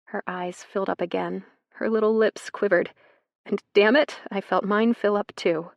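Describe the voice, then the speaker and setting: A woman's voice: medium pitch, steady tone, normal speed, creaky, dry recording. Woman narrating a romance audiobook, dry. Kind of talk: scripted narration.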